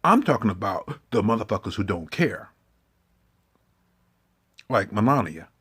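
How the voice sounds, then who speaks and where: A man's voice: on the low side, sing-song, unhurried, a bit bright, breathy edge. A man giving an impassioned, confrontational monologue, swearing heavily and lecturing his listeners. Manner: preachy, confrontational, heavy swearing.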